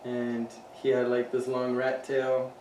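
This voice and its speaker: In a mid-range voice that runs a little slow, a male co-host jokes around on a podcast, swearing freely and laughing through the animated back-and-forth. The recording has an echoey sound, a distant microphone, and a faint hiss.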